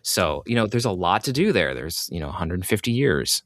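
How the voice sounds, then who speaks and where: Low-voiced man, rambling casual recap. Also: big pitch swings, fairly quick, fairly bright tone, no echo, studio quality. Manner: rambling, filler-heavy recaps. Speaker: podcast co-host. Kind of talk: casual chat.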